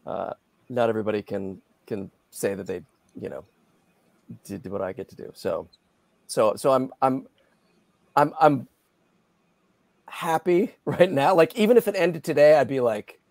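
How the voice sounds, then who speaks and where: A middle-aged man, a guest voice actor, chatting in an interview in a lively, self-deprecating way with many restarts. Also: medium pitch, measured pace, vocal fry, pauses often, no echo. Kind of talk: casual interview chat.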